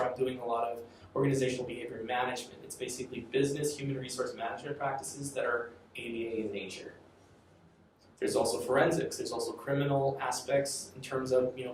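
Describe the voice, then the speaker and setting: Man lecturing in an echoey classroom. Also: mid-range voice. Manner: conversational, repeats and restarts phrases. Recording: echoey classroom from far off, faint noise.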